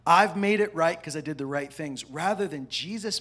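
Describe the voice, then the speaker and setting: Man, pastor, sermon, husky, high-pitched, animated, loud then soft. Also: moderate pace. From parents from the American South. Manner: animated, swings between loud emphasis and quiet asides.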